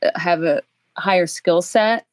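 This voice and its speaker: A woman's voice: fairly low pitch, a little slow, dry recording. A woman co-hosting a podcast in casual chat, giving thoughtful advice to other makers. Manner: thoughtful, gives advice with fillers and restarts. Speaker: podcast co-host.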